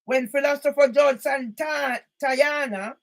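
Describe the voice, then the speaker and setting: A high-pitched woman ranting straight at someone she is angry with. She is confrontational and keeps hammering her points home, sometimes bursting out loudly. The recording is an author and campaigner's monologue video. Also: slow pace, creaky. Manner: angry and confrontational, repeated emphatic loud bursts. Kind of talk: ranting monologue addressed to one person.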